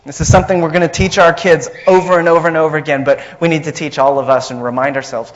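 A man's voice: a little high, fairly even intonation, fast talker, muffled recording. A man preaching a sermon as pastor, emphatic and repetitive, asking the congregation questions.

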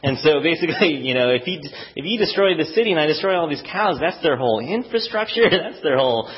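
A middle-aged man preaching a sermon as pastor in a relaxed, conversational way, often acting out the voices of others. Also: a little high, fast. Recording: dull lo-fi recording.

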